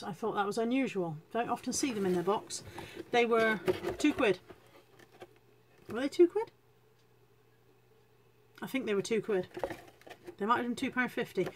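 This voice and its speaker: A woman's voice: fairly high pitch, noisy background. Chatty woman on a live stream. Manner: chatty, self-deprecating, greets viewers as she goes. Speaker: reseller hosting a live stream. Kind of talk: casual live-stream chat.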